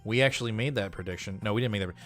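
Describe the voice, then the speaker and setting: A man co-hosting a comic book podcast, joking around and chiming in with quick remarks. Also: on the low side, a bit bright. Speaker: podcast co-host. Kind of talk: casual comic book review chat.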